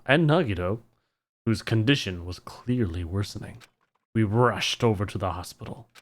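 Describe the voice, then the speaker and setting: A man streaming a video game, reading the dialogue aloud in playful voices and joking in between. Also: lowish voice. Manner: animated, jokey, reads characters' lines in put-on voices.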